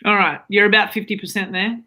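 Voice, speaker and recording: A woman's voice: mid-range voice, steady tone, fast, pushed and bright, natural voice. A woman playing a blunt, teasing Australian wife who swears freely, in an improv comedy livestream.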